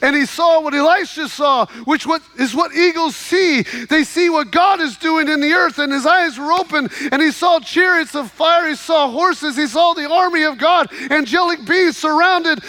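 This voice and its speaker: A man's voice: extremely high pitch, normal speed, few pauses, bright, forceful tone, dry recording. A man preaching a sermon, retelling stories dramatically and exhorting his listeners.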